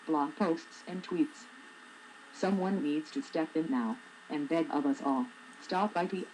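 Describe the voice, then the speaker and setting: Woman, 40s, low voice, wry and sarcastic, reading her own humor blog post. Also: mellow, a little hiss or hum, low-quality recording. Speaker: blogger.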